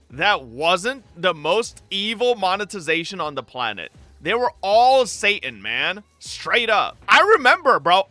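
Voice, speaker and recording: A man streaming live, ranting to his chat in an excitable, profane, animated way. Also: high voice. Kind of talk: livestream rant to chat.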